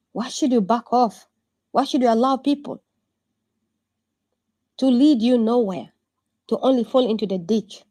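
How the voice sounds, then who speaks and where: A woman's voice: fairly high pitch, dark tone, no echo. A woman giving an urgent political speech to an online room, full of rhetorical questions and repetition. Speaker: political activist addressing an online audience.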